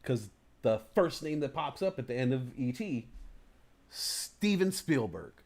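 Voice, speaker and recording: Speaking at an unhurried pace in a medium pitch, this man runs a relaxed livestream talk show. He spins animated stories, acts out the voices in his head, and curses offhandedly.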